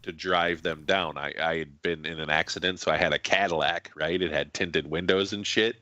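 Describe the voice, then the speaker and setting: A man's voice: low-pitched, fairly even intonation, normal speed, sharp tone, no echo, highs cut off. A man in his thirties chatting bluntly and casually, telling a story with crude language. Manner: blunt, laid-back, crude. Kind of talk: casual chat.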